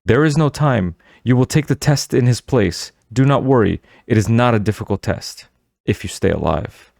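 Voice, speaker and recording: A man's voice: mid-range voice, expressive, moderate pace, creaky, darkish tone, dry recording, studio quality, pitched above the performer's own voice. A man voicing a stern, mysterious woman of the forest who gives solemn commands in an audiobook. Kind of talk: audiobook character voice.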